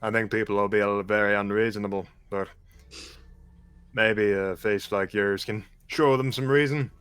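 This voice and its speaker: A man voicing a gruff Irish tough in a tabletop game, blunt and slow. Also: on the low side, steady tone, fairly bright tone, no room sound, lightly acted. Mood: wry.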